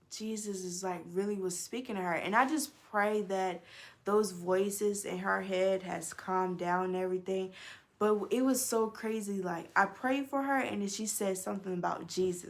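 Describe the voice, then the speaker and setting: A young woman vlogger telling a personal story to camera in a casual, animated way, swearing often and talking straight to her viewers. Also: medium pitch, moderate pace.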